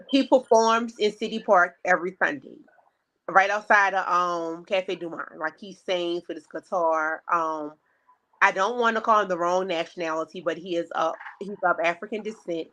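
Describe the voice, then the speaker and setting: A woman co-hosting a podcast spins a story in easygoing talk, bringing it to life by acting out what each person said. She has a lowish voice, and there's slight background noise.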